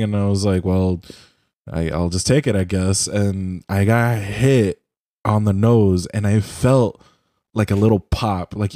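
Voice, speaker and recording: Young guy, mellow tone, dry close computer mic, rambling and profane casual storyteller. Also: lowish voice, no room sound. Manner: rambling, profane, heavy use of "like". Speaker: podcast co-host. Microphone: computer mic on a voice call.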